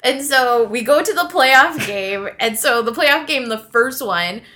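A woman's voice: high voice, lively intonation, measured pace, sharp tone, a little hiss or hum. A woman in her thirties telling a story in casual chat on a podcast, laughing a lot and acting out what other people said. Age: 30s. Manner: laughs often, acts out quoted people. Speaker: podcast co-host.

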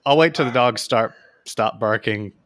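A man hosting a podcast in relaxed, chatty talk full of asides. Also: medium pitch, normal speed. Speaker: podcast host. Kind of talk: casual podcast chat.

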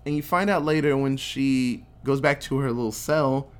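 A man chatting about a film he watched, telling the plot in a loose, profane way. He slips into quick impressions of the characters as he goes. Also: mid-range voice. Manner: animated storytelling, acting out quotes. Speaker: podcast co-host recapping a film. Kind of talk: casual chat, profane movie recap.

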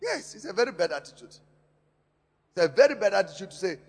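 Husky, animated preacher man in a reverberant church. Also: high voice, normal speed. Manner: impassioned preaching with sharp rises and drops in loudness; repeats words and phrases for emphasis. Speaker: pastor. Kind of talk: sermon. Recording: long hall reverb in a church.

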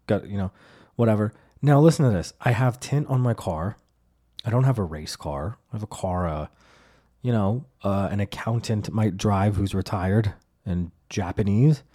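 A man's voice: fairly low pitch, normal speed. Rambling, profane male comedy podcaster. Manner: rambling, profane, with many fillers and restarts; acts out deadpan overly formal replies in his stories. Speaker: podcast host. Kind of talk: comedic storytelling monologue.

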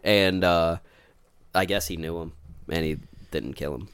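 A man's voice: low voice, a little slow, a bit bright, clean tone, dry recording. A man joking crudely in casual chat.

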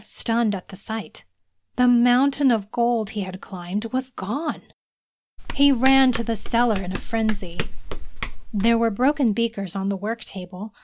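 A woman narrating a scripted fantasy story in a clear, even reading voice. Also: fairly high pitch, a little hiss or hum.

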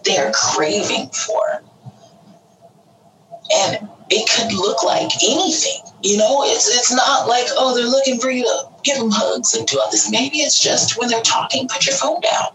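A woman's voice: fairly high pitch, a little slow, distant mic, heavy background noise. A woman talking earnestly and with feeling about parenting teenagers, acting out little quoted voices as she goes. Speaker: parent sharing advice. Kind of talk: casual heartfelt talk.

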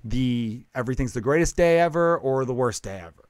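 A man's voice: medium pitch, expressive, fairly quick, a little mellow, dry recording. Profane, rambling man on a dry mic. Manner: rambling, profane, self-interrupting. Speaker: comedian and podcast host. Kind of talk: casual podcast chat.

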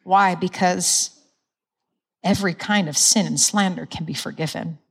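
A woman's voice: on the low side, steady tone, a little slow, gravelly, slightly rough. A woman preaching a sermon in a church, earnest, asking the crowd questions and laughing at her own slips.

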